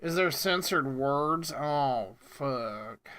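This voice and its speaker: A man streams prank phone calls from his desk setup, joking loosely with his viewers. His voice is bright and lively, leaping around in pitch. He talks at an unhurried pace and mutters to himself as he tinkers with settings. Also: clear, resonant tone. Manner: jokey, mutters to himself while fiddling with settings. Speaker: livestreamer making prank calls. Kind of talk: casual livestream prank calls and chat.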